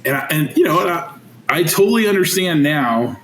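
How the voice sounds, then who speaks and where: A man's voice: a little high, a little fast. Chatty man in his forties, roomy echo. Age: 40s. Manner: animated, chatty, many fillers. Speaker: teacher and football coach, guest. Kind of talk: casual storytelling interview. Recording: roomy echo, faint noise.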